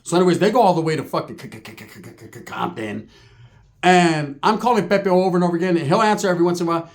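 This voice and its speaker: A man telling a comic story in a rambling, profane, animated way. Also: on the high side, fast. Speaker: comedian storyteller.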